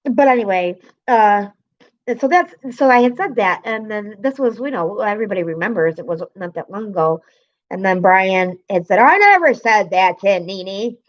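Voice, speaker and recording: A woman's voice: medium pitch, normal speed, highs cut off. A woman live streamer, upset and swearing as she vents to her chat and greets viewers by name.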